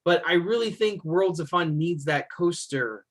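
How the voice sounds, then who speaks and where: A man's voice: on the high side, unhurried, fairly bright tone. A man co-hosting a casual podcast chat, talking in an enthusiastic, opinionated way with plenty of fillers like "um" and "like". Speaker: podcast co-host. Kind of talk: casual chat about roller coasters.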